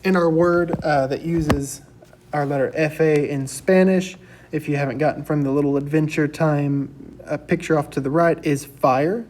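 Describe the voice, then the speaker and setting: A young man teaching a recorded class lecture, saying each word slowly and clearly for students to repeat. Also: fairly high pitch, fairly even intonation, darkish tone, slight background noise. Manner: slow, deliberate, drills words for repetition.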